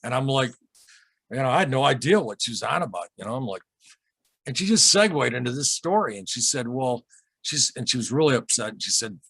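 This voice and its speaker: A man being interviewed as a guest on a podcast, telling an unsettling personal story in an earnest, halting way, often repeating himself and getting emotional. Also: mid-range voice, expressive, fairly bright tone, husky, no echo. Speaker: podcast guest, UFO experiencer.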